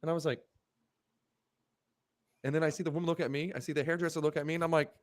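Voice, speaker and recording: Talking at a quick pace in a fairly high, steady voice, this middle-aged podcast co-host recounts a story with plenty of swearing and animation during casual conversation.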